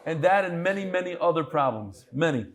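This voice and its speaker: Male rabbi, upper-middle voice, animated and teasing, casual banter with the audience. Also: on the high side, fairly quick. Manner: animated, teasing, calls out people by name. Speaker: rabbi leading a daily study class.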